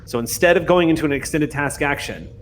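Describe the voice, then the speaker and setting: A man running a tabletop role-playing game as game master, narrating and setting rolls in a relaxed, chatty way. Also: on the high side, fairly quick, slight background noise. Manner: relaxed, chatty, with fillers and laughs.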